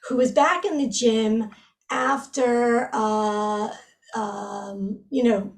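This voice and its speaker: High-voiced woman, chatty and distant. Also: steady tone, extremely slow. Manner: chatty, with many fillers and self-corrections. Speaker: researcher guest. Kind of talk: conversational interview.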